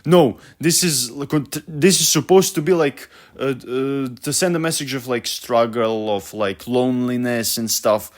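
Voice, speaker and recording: A man's voice: medium pitch, steady tone, measured pace, hardly any pauses. A young man ranting about a book he hates, profane and exasperated, stumbling over his words with many fillers. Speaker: vlogger.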